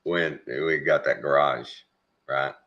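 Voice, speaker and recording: A man hosting a casual chat, telling animated stories and laughing often. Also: rumbling low, takes it slowly, highs cut off. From Texas. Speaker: host.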